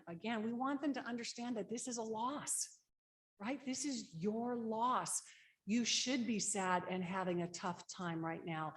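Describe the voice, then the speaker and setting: In a conference room, a woman runs a workshop on grief support, walking through the steps in a practical, conversational way. She often checks in with "right?" Her voice is a little high and her pace measured.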